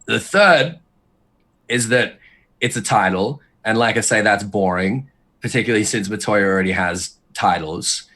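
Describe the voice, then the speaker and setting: Animated rambling man in podcast chat. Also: lowish voice, moderate pace. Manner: rambling, frequent restarts and fillers, animated. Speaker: podcast guest. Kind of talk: casual podcast chat, lore speculation.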